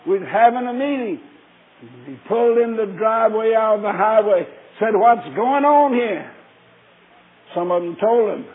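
Male preacher, husky, high-pitched, folksy sermon storytelling. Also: lively intonation, a little slow. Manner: folksy storytelling, acting out dialogue. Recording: tinny lo-fi recording.

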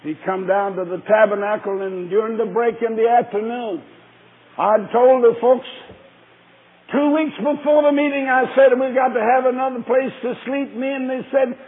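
Male preacher, high husky voice, folksy storyteller, tinny lo-fi recording. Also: normal speed. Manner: folksy storytelling, acting out dialogue. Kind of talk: sermon.

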